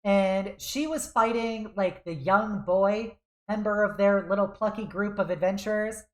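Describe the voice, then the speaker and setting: A woman's voice: mid-range voice, a little slow. A young woman streaming a game, chatting casually in a rambling way and laughing often. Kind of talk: casual chat while gaming. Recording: roomy echo.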